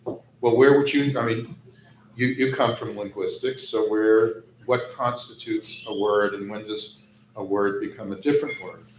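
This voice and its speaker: A man speaking as a panelist in a discussion, halting, with frequent restarts and repeated words. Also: on the low side, steady tone. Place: event hall. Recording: roomy hall with faint noise.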